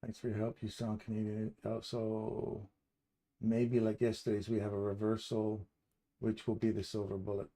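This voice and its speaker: A fairly low-voiced middle-aged man from England gives relaxed, loose commentary while trading live. He thinks aloud as he walks through the chart and chats and jokes with his viewers between setups. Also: moderate pace. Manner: chatty and joking with viewers. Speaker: livestream trader and channel host.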